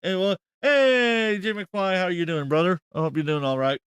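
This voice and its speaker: A man's voice: on the high side, brisk, clear, resonant tone, dry recording. A man hosting a reaction commentary, rambling and incredulous, swearing often. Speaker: host.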